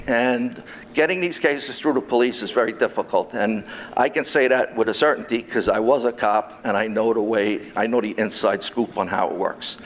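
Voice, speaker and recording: A man's voice: medium pitch, slight background noise. A man, a former police officer turned private investigator, giving a convention talk and telling stories of his cases with lots of quoted dialogue. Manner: animated storytelling, quotes others in dialogue. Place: convention hall.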